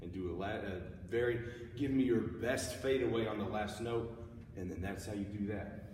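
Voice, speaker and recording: A man's voice: fairly low pitch, normal speed, background noise. A man giving a casual, upbeat music lesson, explaining how to play a passage. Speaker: music teacher. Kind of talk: instrument tutorial. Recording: echoey room from far off.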